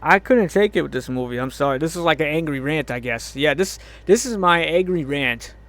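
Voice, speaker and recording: A man's voice: on the high side, lively intonation, brisk, fairly bright tone. A man ranting angrily about a movie, swearing a lot, groaning in exasperation and laughing in disbelief. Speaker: movie reviewer. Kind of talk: angry movie review rant.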